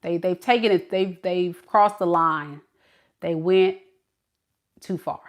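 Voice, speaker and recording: A woman's voice: on the low side, steady tone, takes it slowly. A woman from the southern US giving a live tarot reading, chatty and laughing often as she answers her chat. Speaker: tarot reader. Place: home at night.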